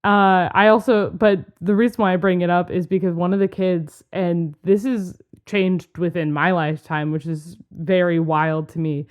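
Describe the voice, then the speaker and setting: A woman co-hosting a podcast, telling a teaching story in animated casual chat and laughing often. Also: on the low side, normal speed, few pauses. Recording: dull lo-fi podcast audio.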